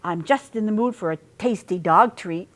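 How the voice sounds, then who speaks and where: A woman's voice: medium pitch, normal speed, fairly bright tone, natural voice. Big Bad Wolf, read by a woman, sly and hungry. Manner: oily, teasing menace.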